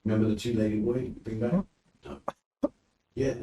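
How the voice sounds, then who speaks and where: British guy spinning stories on a podcast, lowish voice, faint hiss behind. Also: brisk, far from the mic. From United Kingdom. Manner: animated anecdotes with acted quotes. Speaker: podcast guest. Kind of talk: casual storytelling. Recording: roomy, from off mic, faint noise.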